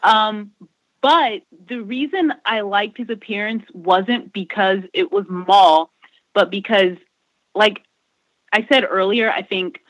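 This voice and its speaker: A woman shares her view on a casual fan podcast, pausing on fillers as she goes. Her mid-pitched voice is recorded dry and close. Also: dry recording, rough recording. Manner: hesitant, many fillers. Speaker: podcast panelist.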